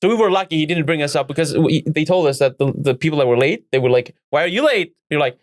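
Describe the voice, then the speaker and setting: A man co-hosting a podcast in casual chat, slow and musing, laughing easily. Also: fairly high pitch, no room sound, clean studio sound. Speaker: podcast co-host.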